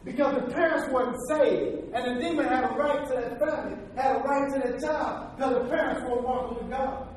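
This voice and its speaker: High-voiced preacher in an echoing hall. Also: male voice, steady tone, fairly quick, slight background noise. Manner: call-and-response, chanting cadence; storytelling, emphatic repetition. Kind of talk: sermon. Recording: echoey hall from far off.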